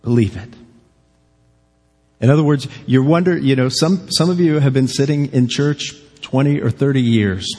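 Speaking in a mellow, medium-pitched voice at a moderate pace and rarely pausing, a man delivers a sermon in a church sanctuary. He's sincere and conversational, frequently asking the congregation rhetorical questions, and the big hall gives a long reverb.

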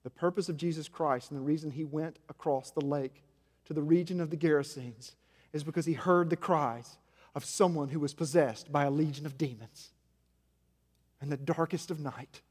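A man preaching a sermon as senior pastor, swinging between loud emphasis and hushed, low passages. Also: fairly even intonation, normal speed. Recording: long hall reverb.

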